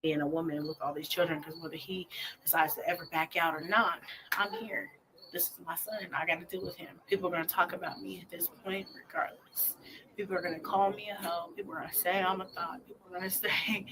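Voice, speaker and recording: A woman in her twenties tells her story as a mother in a candid, blunt, profane way, often dropping almost to a whisper. Her voice sits on the low side, with a steady tone and a quick pace. The clip is noisy and plays inside a reaction video.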